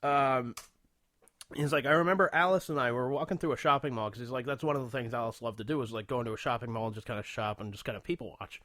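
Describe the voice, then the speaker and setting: A man's voice: mid-range voice, quick pace, dry recording. A man co-hosting a radio podcast, telling a story in casual chat with frequent laughs and swearing. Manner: laughing storyteller, swears often, puts on loud impressions. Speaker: podcast co-host.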